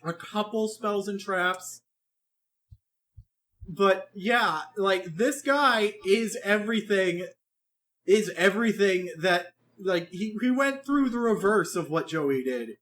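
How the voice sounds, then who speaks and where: A man co-hosting a podcast, chatting casually in an animated, rambling way, with lots of swearing and restarts. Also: high voice, takes it slowly. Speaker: podcast co-host reviewing an anime. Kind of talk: casual chat.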